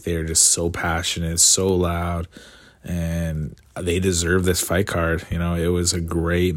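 A man's voice: low voice, no room sound. A young Canadian man giving a casual, rambling commentary full of fillers and enthusiasm.

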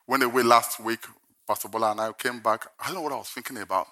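A man's voice: mid-range voice, fairly even intonation, fast talker, bright, forceful tone. An older man preaching a sermon, telling a humorous personal story and then preaching emphatically from scripture. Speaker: pastor.

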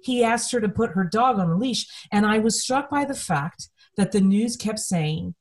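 A woman co-hosting a conversational discussion, speaking earnestly and emphatically while keeping her voice steady. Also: medium pitch, normal speed. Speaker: podcast co-host.

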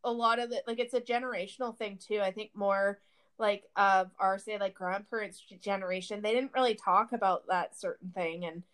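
A woman's voice: medium pitch, fairly even intonation, fairly quick, a bit bright, smooth. A young woman co-hosting a podcast in casual chat, teasing and joking, rambling with restarts. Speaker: podcast co-host.

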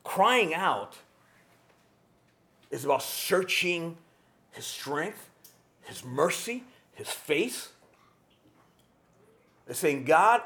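Man, high voice, passionate sermon, swings loud to soft. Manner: passionate preaching, rising to shouts then dropping low. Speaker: pastor.

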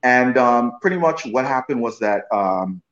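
A man's voice: medium pitch, lively intonation, measured pace, fairly bright tone. A man, an actor guest, telling a casual story with many restarts and repeated "you know what I mean.". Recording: roomy, dull lo-fi sound.

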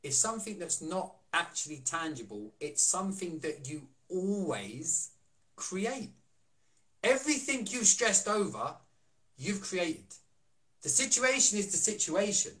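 On a casual live stream, a male wellness coach and co-host chats and coaches, posing rhetorical questions and reading viewer comments aloud. His voice is high-pitched, a bit bright and very animated, though his pace stays measured.

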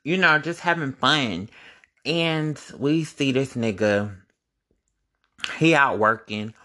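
A young man telling a casual, animated storytime to his viewers, profane and full of sudden high-pitched outbursts. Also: slow. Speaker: vlogger.

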